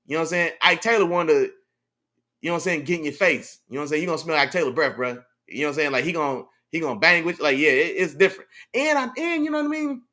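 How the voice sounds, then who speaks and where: A man hosting a casual sports talk show, animated and slangy, reacting to his live chat and breaking down plays. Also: fairly high pitch, very fast. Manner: animated, slangy, repeats "you know what I'm saying". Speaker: podcast host.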